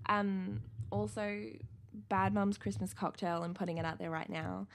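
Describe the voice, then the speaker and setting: A woman's voice: medium pitch, steady tone, moderate pace. A young woman co-hosting a casual chat podcast, chatty and swearing freely as she retells stories. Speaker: podcast co-host.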